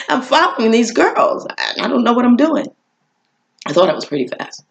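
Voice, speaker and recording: Animated woman telling a personal story. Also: fairly high pitch, moderate pace, vocal fry. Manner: animated, acts out voices in her story; earnest, encouraging. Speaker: motivational speaker.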